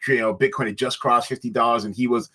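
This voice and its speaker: A man's voice: medium pitch, fairly even intonation, fast talker, bright, forceful tone. A man, a company founder, answering interview questions over a video call in a chatty way, laughing often. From Seattle, United States. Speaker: company founder and CEO, guest.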